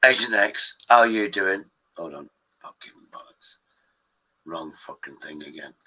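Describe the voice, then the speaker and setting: A man hosts a live stream in loose, rambling chat. His voice is very bright and sits a little low, and he swears freely and trips over his own restarts. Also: lively intonation, normal speed, breathy edge, rough recording. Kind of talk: rambling casual chat with viewers.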